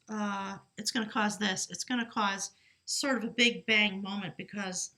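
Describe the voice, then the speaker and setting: A woman's voice: fairly high pitch, sharp tone. A woman giving a casual spiritual tarot reading. She reads rune meanings aloud, then slips into chatty, lighthearted asides. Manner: earnest, lighthearted, laughs easily. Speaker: tarot reader.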